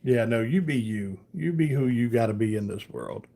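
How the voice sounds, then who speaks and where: A man in the middle of his pitch range chats loosely on a live stream. He greets viewers and reads their comments aloud, then drifts into long, meandering anecdotes with many "you know"s. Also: expressive, moderate pace, mellow. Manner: rambling storyteller, leans on "you know". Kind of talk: casual live-stream chat.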